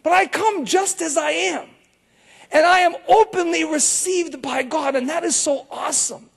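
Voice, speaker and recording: A male pastor preaching a sermon in an animated, storytelling way, with bursts of shouting. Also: very high-pitched, normal speed, gravelly.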